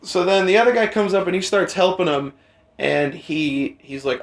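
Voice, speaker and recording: A young man hosting a podcast, telling a rambling, profane story in casual chat and jumping into animated quoted voices. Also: sits high, normal speed. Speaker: podcast host. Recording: roomy echo.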